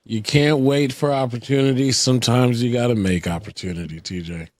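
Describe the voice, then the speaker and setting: A man's voice: mid-range voice, fairly quick, a little mellow, no room sound, clean studio sound. A man co-hosting a show, asking an interview question with a playful, teasing setup. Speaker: podcast co-host.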